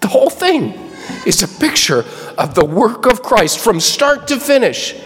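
A man preaching a sermon, animated and acting out the people he quotes in raised voices. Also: extremely high pitch, measured pace. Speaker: pastor. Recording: long reverb of a hall.

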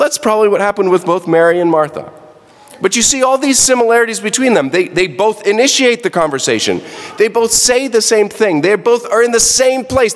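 A man preaching a sermon as a pastor, talking in a conversational way and correcting himself as he goes. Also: high voice. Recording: long reverb.

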